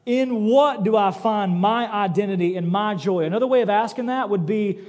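A male pastor preaching a sermon, telling stories with animated, acted-out quotes. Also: high voice, normal speed. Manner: animated storytelling, acts out quoted voices. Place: church sanctuary. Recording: church sanctuary with long reverb.

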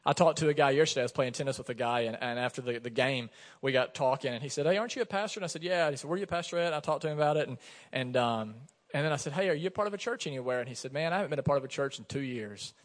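A man's voice: medium pitch, very fast, long reverb tail. A man, a pastor in his thirties, preaching a sermon in a conversational way, telling stories from his own life. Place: church sanctuary.

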